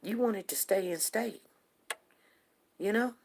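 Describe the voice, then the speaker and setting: A woman with a mid-range, creaky, slightly mellow voice hosts a talk show at an unhurried pace. She rambles and repeats herself in a casual monologue, pressing her points emphatically to listeners. There's a bit of background noise.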